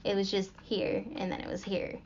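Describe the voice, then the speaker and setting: Her delivery is completely flat, with a mid-range, slightly mellow voice at normal speed. As a young podcast host, she casually rambles through a story, full of fillers and small laughs, on a dull lo-fi recording.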